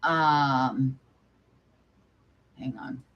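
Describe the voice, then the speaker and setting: A woman's voice: very deep voice, steady tone, very slow, fairly bright tone. A young woman hosting her channel, casually commenting live in an angry, profane, rambling way. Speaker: channel host.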